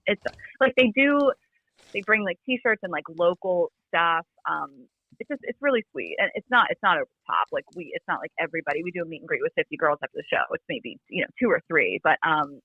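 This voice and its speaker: A woman chatting as a podcast guest over a remote call, talking quickly with lots of "like" fillers and a fry in her voice. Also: fairly low pitch, expressive, no echo. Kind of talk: casual chat. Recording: phone-like remote line.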